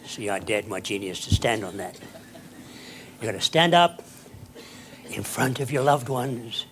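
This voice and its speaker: A man giving a dramatic, emphatic motivational speech to an audience, with sudden soft drops and loud bursts. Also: lowish voice, unhurried, slight background noise. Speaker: keynote speaker.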